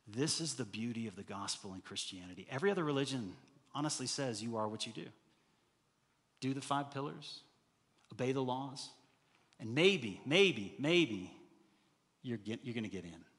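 A man preaching a sermon as pastor, animated and rising to loud, emphatic bursts. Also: medium pitch, moderate pace, pauses often. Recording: hall reverb.

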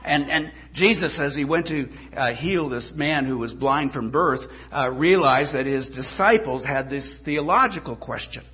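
A middle-aged man, a pastor, preaching a sermon in a relaxed, conversational storytelling manner with touches of self-deprecating humor. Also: a little high, unhurried, hardly any pauses.

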